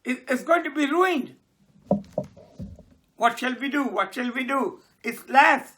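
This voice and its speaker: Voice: medium pitch, sing-song, normal speed, pushed and bright. A teacher voicing a worried perfectionist male baker who repeats himself in a raised voice. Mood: upset.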